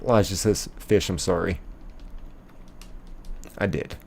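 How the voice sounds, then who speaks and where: Young guy streaming, gravelly low voice, reads chat out in silly voices, laughs a lot. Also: slow pace, slight background noise. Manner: playful, laughs often, reads viewer messages aloud in lively voices. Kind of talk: casual live-stream chat.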